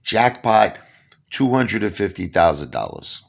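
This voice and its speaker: A man's voice: lowish voice, sing-song, measured pace, creaky, pitched above the performer's own voice, full character voice. A man doing a pushy casino hustler. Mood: coaxing. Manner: clipped broken English, salesman insistence. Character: pushy male casino worker, broken English.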